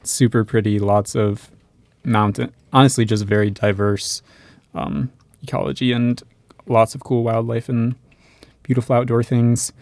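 A man's voice: mid-range voice, flat delivery, a little slow, darkish tone, no room sound. A young man on a podcast, chatting casually and searching for his words. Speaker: podcast co-host. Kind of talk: casual chat.

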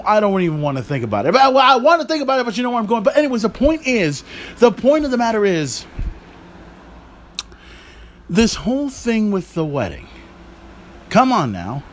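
A man's voice: extremely high pitch, slight background noise. A man hosting a podcast, ranting casually about wrestling with profane, exasperated rambling. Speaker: podcast host. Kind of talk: casual wrestling commentary rant.

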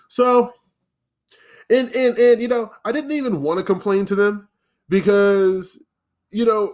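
Brief: male solo podcaster, sarcastic running monologue, somewhat high voice, lots of fillers. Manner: sarcastic, rambling, many fillers and repeated words. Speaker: podcast host. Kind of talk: casual solo podcast rambling.

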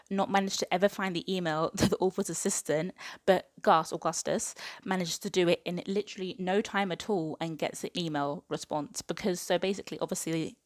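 A woman in her twenties giving a casual book review, chatty and exasperated, with lots of "like". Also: on the low side. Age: 20s. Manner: exasperated, chatty rant full of "like".

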